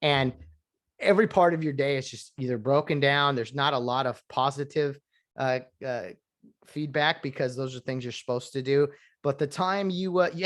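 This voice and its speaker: A man's voice: medium pitch, moderate pace, fairly bright tone. A man talks alone into his podcast mic, drifting from point to point and restarting his sentences. He is opinionated and casual, in a mid-range voice. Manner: rambling and opinionated, with many restarts. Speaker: podcast host. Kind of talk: solo podcast rambling.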